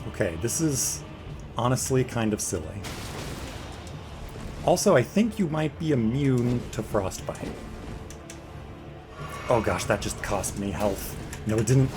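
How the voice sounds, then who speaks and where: A man's voice: medium pitch, expressive, a little slow, long pauses. A man giving casual, jokey let's play commentary, talking to the boss as he fights it. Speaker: gaming video creator. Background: game music.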